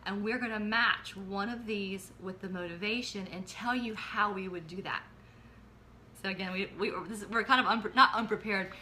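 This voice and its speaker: A woman's voice: mid-range voice, normal speed, sharp tone, slight background noise. A middle-aged woman co-hosting a casual parenting chat, friendly and guiding the discussion. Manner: friendly, guiding, keeps the segment on track. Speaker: co-host, parent.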